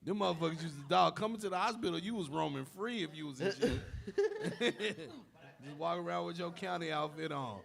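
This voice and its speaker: A man co-hosting a podcast, telling profane stories in an animated, laughing way. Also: on the high side, brisk, creaky. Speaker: podcast co-host. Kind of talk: casual storytelling chat.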